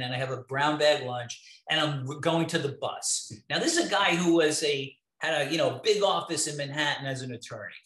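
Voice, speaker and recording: Man, interview guest, bright voice, a bit high, swears a lot, animated storyteller, echoey room. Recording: roomy echo.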